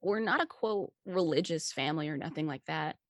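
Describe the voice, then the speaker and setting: A woman voicing a frightened teenage boy who talks in a trembling, halting way with stammers. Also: low voice, expressive, dry recording, clean studio sound. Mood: upset. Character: scared teenage boy, shaky and strung out.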